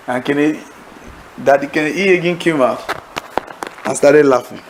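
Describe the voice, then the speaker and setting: A man preaching to a Bible study class, telling stories in an animated way, acting out laughter and asking the audience leading questions. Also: fairly high pitch, slow pace, a little hiss or hum, low-quality recording. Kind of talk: sermon-style teaching to a congregation.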